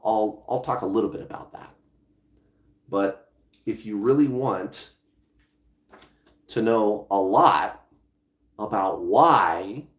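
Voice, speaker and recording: A man talking as a law of attraction coach in a casual vlog monologue, conversational, restarting phrases and swearing now and then. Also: on the low side. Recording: echoey room.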